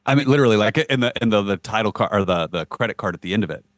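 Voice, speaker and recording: Very deep-voiced American man. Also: lively intonation, very fast, no room sound, studio quality. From United States. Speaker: podcast co-host. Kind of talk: casual chat.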